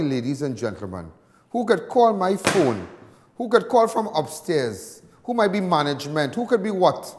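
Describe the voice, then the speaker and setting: Emphatic high-voiced Trinidadian man. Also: very animated, moderate pace, darkish tone, big-room sound. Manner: emphatic, repetitive, indignant. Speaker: talk show host. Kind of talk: impassioned TV commentary.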